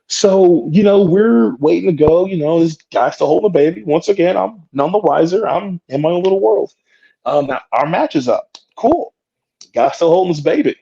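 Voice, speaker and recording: Animated, husky man telling wrestling stories. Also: high voice, moderate pace, dull audio. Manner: profane, animated, acts out quotes. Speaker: wrestler guest. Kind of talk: animated storytelling.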